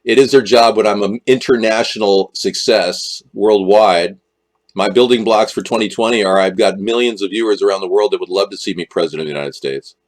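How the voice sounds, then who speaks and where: A man's voice: on the low side, brisk. A man hosting a political live stream, rambling and joking and often jumping into exaggerated voices. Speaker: livestream host.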